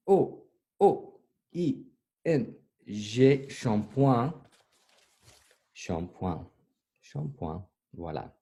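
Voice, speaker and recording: A man teaching a French vocabulary lesson, slowly repeating each word for learners and mixing in English explanations. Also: fairly low pitch, mellow. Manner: slow, patient repetition of words for learners to echo. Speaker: language teacher.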